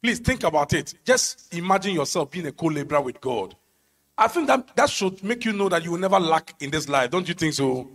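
High-voiced preacher, emphatic. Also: male voice, sing-song, a little fast. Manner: emphatic, rising to sung shouts on key phrases. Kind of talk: sermon.

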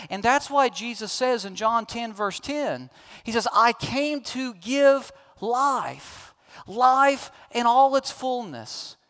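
A man's voice: extremely high pitch, a bit bright. A man preaching a sermon as a pastor, emphatic, building to pleading questions.

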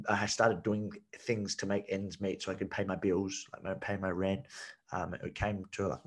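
A man, a podcast guest telling his story in casual chat, blunt and swearing freely, full of "like" and "you know.". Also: low-pitched. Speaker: podcast guest, men's coach.

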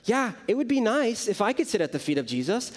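A man's voice: high voice, big pitch swings, brisk, voice pushed up. A man voicing a frustrated, overworked woman host, moving between strained politeness and exasperation. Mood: pleading.

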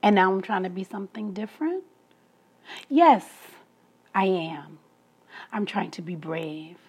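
A woman's voice: mid-range voice, a little slow, breathy edge, highs cut off. A woman talking through a personal story in an emphatic monologue, laughing between her points. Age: adult, past school age.

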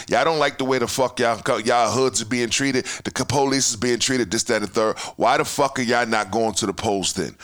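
Ranting male podcast host, mid pitch, swears a lot, swings between loud and muttering. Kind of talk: heated casual podcast talk.

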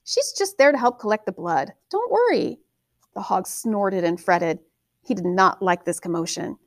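A woman narrating a fantasy novel in a steady, measured storytelling manner. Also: mid-range voice, dry recording. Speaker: audiobook narrator.

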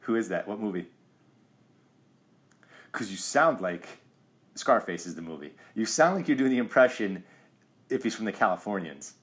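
A man's voice: on the low side, lively intonation, normal speed, long pauses. Playful quizzing middle-aged man. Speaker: podcast co-host, father. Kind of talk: casual sports chat podcast.

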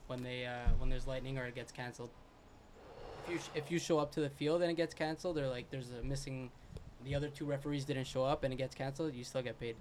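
Male co-host, quick corrective interjections, rapid talker, faint background noise. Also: medium pitch, fairly even intonation, darkish tone. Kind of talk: casual chat.

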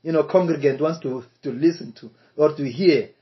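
A man preaching a sermon, slow and emphatic, repeating key phrases for weight. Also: on the high side. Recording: dull lo-fi recording.

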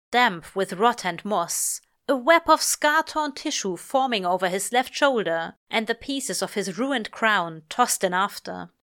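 A woman narrating a piece of fiction, lingering over each line. Her delivery is slow and lyrical, at a middle pitch. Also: fairly bright tone. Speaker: reader. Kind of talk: audiobook-style fiction reading.

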